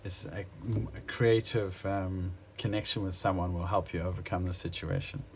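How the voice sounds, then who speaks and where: Man, lowish voice, tarot reader, casual, hesitant, talks straight to viewers. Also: level tone, normal speed, a little hiss or hum. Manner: musing, hesitant, many fillers and restarts; addresses viewers directly.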